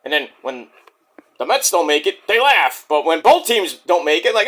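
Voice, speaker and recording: A man hosting a casual, profane wrestling review, jokey and animated, who keeps breaking into impressions. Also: on the high side, moderate pace. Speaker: wrestling reviewer, channel host.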